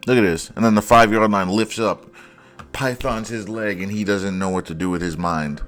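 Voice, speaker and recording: Deep-voiced man breaking down football plays. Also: normal speed, fairly bright tone, soft background music. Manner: sarcastic, mocking, blunt. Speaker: football film analyst. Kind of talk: casual play-by-play breakdown.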